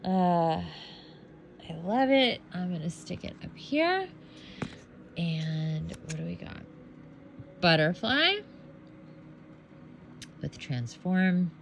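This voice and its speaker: A sleepy woman casually commenting on tarot cards as she unboxes a deck, relaxed and trailing off as she goes. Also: on the low side, extremely slow, vocal fry, pauses often, slight background noise. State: sleepy, yawning.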